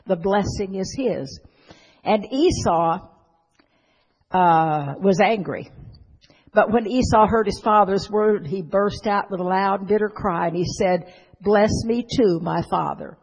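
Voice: mid-range voice, slow pace, breathy edge. A preacher retelling a Bible story in a sermon, folksy, with asides to the listeners. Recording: long hall reverb.

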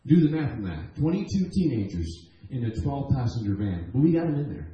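A man's voice: medium pitch, brisk, few pauses, dull audio. Earnest male preacher in an echoey church. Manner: earnest, animated storytelling with repeated restarts. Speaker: guest preacher. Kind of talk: emotional testimony sermon. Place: church sanctuary.

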